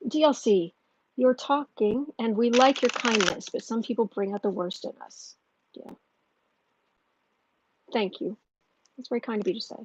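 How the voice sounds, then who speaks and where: A woman hosting a casual livestream and reading viewer comments aloud, chatty and quick to laugh. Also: a little high, dull audio, slight background noise. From northern United States. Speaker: tarot reader and channel host.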